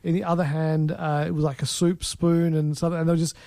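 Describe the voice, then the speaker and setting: A man's voice: on the high side, little pitch movement, brisk, vocal fry, darkish tone, no room sound. A man co-hosting a film podcast, chatting casually with many fillers and restarts. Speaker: podcast co-host. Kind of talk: casual film review chat.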